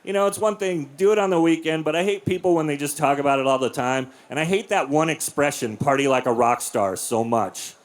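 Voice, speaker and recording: Forties male stand-up, deadpan and crude, live club set, mid-high voice, does silly voices. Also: a little fast, few pauses. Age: 40s. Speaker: stand-up comedian. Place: comedy club with a live audience.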